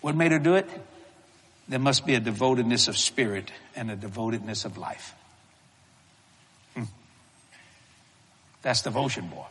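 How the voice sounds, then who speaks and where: A middle-aged man preaching a sermon, telling stories in a folksy, animated way with frequent chuckles. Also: medium pitch, normal speed, long pauses, breathy edge. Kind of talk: storytelling sermon. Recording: reverberant large hall.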